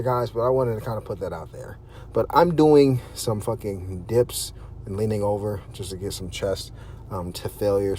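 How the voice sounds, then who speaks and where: A low-voiced man talks straight to his viewers in a casual vlog, blunt and profane and quick to wander off on tangents. Faint noise hums behind him. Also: a little mellow. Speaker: fitness vlogger. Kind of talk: casual workout vlog talk.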